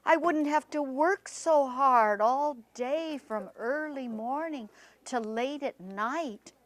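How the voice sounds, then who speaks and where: A woman storyteller voicing a poor male farmer who speaks eagerly and excitedly. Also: high-pitched, slow pace, pitched above the performer's own voice. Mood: dreaming.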